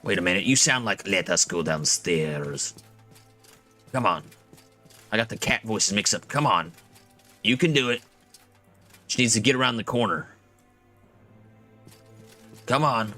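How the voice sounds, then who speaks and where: A man's voice: on the low side, animated, measured pace, long pauses, bright, forceful tone. A man giving casual, joking gameplay commentary with lots of filler words. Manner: casual, joking, says "dude" and "like". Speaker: gaming video creator. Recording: game music behind.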